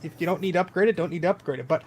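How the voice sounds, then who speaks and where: A man's voice: fairly high pitch, fast talker, husky. A man hosting a casual tech podcast, chatty and loose, joking and filling his talk with ums and restarts.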